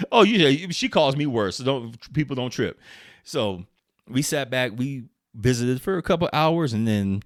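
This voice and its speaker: Hosting his vlog, a middle-aged Arizona man spins a casual story with plenty of cursing, frequent laughter and many false starts. His medium-pitched voice has a fairly bright tone, captured in studio quality with no room sound.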